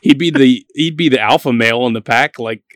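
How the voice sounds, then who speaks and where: A man's voice: mid-range voice, fairly quick, noisy background. A man from Kentucky chatting casually, rambling a bit with lots of fillers and restarts. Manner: relaxed, rambling, many fillers and self-corrections. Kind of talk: casual chat.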